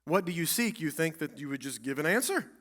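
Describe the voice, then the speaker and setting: A male pastor preaching in a church, with a bright, forceful voice that sits a little high for a man. He is emphatic and dramatic, and he drives his points home through repetition. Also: animated, fast talker. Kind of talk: sermon. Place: church sanctuary.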